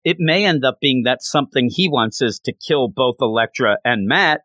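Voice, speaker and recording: A man's voice: medium pitch, moderate pace, bright, forceful tone, no echo. A man reviewing a comic book in a casual, rambling, passionate way, with lots of fillers.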